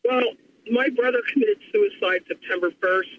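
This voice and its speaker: A woman calling in to a radio show, speaking in a shaken, halting way about a loss in her family. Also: fairly high pitch, very animated. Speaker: caller. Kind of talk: phone-in call. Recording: dull lo-fi phone line with faint noise.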